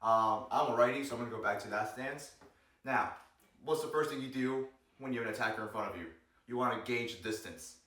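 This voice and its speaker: A man's voice: medium pitch, fairly quick. Playful man teaching self-defense, roomy sound. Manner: playful, demonstrates moves while explaining, cracks jokes; energetic, calls out strikes during demonstrations. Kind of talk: joking instructional vlog. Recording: roomy, distant mic, noisy.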